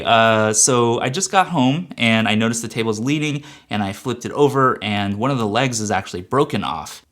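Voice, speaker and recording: A young man telling a casual storytime rant, exasperated and animated, acting out his side of the conversations. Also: mid-range voice. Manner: exasperated, animated, quotes people in dialogue. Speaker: YouTuber.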